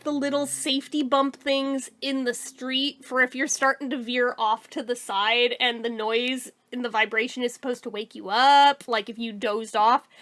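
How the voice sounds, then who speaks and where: A woman's voice: high voice, a bit bright. A woman casually telling a personal story to her viewers, candid and chatty, swearing freely.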